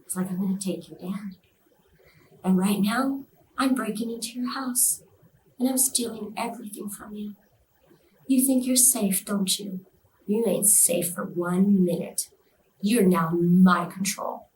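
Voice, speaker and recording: A woman's voice: medium pitch, measured pace, darkish tone, echoey room, distant mic, slight background noise, lightly acted. Lucifer, a mocking male devil as a woman puts him on. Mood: menacing. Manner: taunting, mocking, slipping into whispers. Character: taunting male devil, cruel, mocking, menacing.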